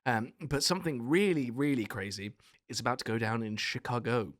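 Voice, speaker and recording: Dry, lively podcast storyteller. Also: male voice, medium pitch, a little fast, no room sound. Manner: energetic storyteller, playful with accents. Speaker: podcast co-host. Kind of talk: casual history podcast chat.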